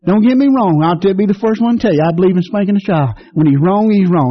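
A man's voice: expressive, quick pace, hardly any pauses, slightly rough. A middle-aged man, preaching a sermon in a folksy, fervent way, his voice leaping upward when stirred. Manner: folksy, fervent preaching with sudden rises in pitch. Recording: dull lo-fi radio broadcast.

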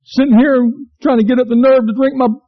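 A man acting out a tearful, despairing man at a bar, his voice pushed high and whiny. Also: steady tone, brisk, a little hiss or hum. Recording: dull lo-fi church recording.

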